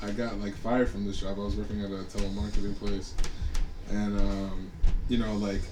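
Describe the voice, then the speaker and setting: A man's voice: lowish voice, level tone, moderate pace, over music, rough recording. A man co-hosting a podcast, telling a story in casual chat, rambling with many fillers. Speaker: podcast co-host.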